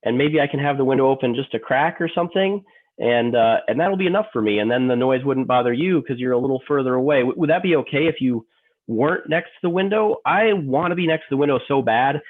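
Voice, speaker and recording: A man's voice: medium pitch, lively intonation, fast, close to an everyday voice. A man playing an emotional office worker in a training role-play, stammering, repeating himself and apologizing over and over. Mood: hopeful. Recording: tinny phone-like line.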